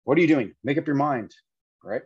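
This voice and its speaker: A man's voice: mid-range voice, lively intonation, brisk, a little mellow, husky, no echo, lo-fi sound. A man giving an indignant, lecturing commentary full of rhetorical questions. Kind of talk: opinionated commentary video.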